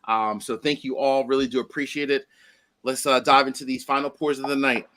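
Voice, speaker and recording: A man hosting a casual whiskey tasting chat, animated and exclaiming often. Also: medium pitch, brisk. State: eyes watering. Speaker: host.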